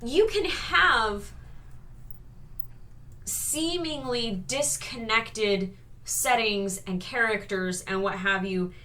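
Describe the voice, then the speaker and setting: A woman co-hosting a casual review chat, wry and critical, stretching words with dramatic pauses. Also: a little high, bright, forceful tone. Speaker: co-host reviewing a TV series.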